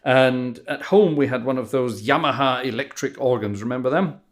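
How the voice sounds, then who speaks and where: A man's voice: mid-range voice, normal speed. A friendly man with a mid-range voice, hosting a casual talk over a video call. He teases his guest playfully and then recalls his own start in music. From Inverness, Scotland. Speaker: organist, podcast host. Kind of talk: casual chat.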